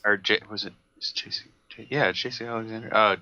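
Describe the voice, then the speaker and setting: A man co-hosting a podcast chats casually and hesitantly, often restarting his sentences. His fairly low voice is steady, fast, pushed and bright, recorded with no echo and lo-fi sound.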